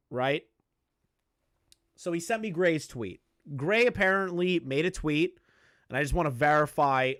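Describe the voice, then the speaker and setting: A male streamer talks bluntly and emphatically through online drama, swearing now and then as he makes his points. His voice sits a little high. The sound is dry and close, with no room echo. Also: a bit bright. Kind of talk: live-stream commentary.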